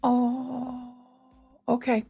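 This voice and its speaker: Chatty woman streamer, high voice. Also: completely flat delivery, very slow, creaky, warm tone, breathy edge, soft background music. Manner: chatty, affectionate, gushing over details. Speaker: live streamer hosting a fundraiser. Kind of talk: casual live-stream game commentary.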